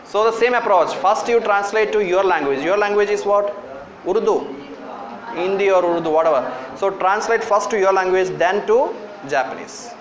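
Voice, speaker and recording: Indian guy teaching a class, high voice, kinda muffled, echoey room, lots of uh and you know. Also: moderate pace, a little hiss or hum. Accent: Indian English. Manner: coaxing, calls on students, many fillers. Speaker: university lecturer teaching Japanese. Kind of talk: classroom lecture.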